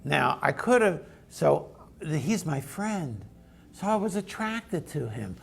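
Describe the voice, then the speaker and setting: A man's voice: a little high, very animated, slow pace, vocal fry, slight background noise. A man preaching a sermon in a conversational, storytelling way. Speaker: pastor.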